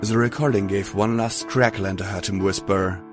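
A man narrating an audiobook in a steady first-person reading. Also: on the low side, normal speed, over music.

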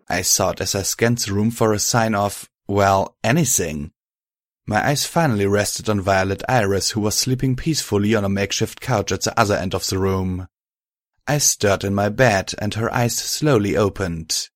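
A man narrating a first-person story in a calm, even manner. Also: on the low side, moderate pace, no room sound, clean studio sound.

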